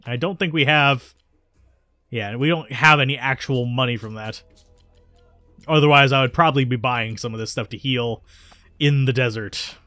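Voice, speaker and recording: Casual let's play host, chatty, dry close mic, faint game music under. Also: male voice, mid-range voice, moderate pace, long pauses, bright, forceful tone, no echo. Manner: chatty, self-correcting. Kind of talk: casual gameplay commentary.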